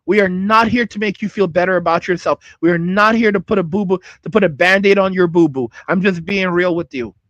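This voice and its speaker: Firing back at his chat, a livestream host rants in a high, raised, slightly bright voice, speaking a little fast in heated bursts with hardly any pauses and repeating himself. The lo-fi sound is close and dry, with no echo or room around it.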